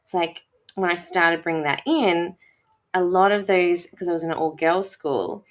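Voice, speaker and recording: A teacher speaks in a casual conversation, enthusiastic and a little rambling. Her voice is fairly low for a woman. She circles back and restarts as she looks for the right words. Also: normal speed.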